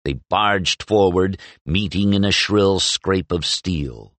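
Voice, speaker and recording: A man reading a novel aloud as an audiobook narrator, in expressive, measured storytelling. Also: low-pitched, no echo. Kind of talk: scripted narration.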